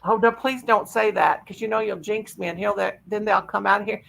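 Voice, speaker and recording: A woman's voice: medium pitch, fairly even intonation, a little fast, gravelly, a bit bright, rough recording. A woman hosting a casual livestream chat from home, talking in a rambling, folksy way. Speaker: host.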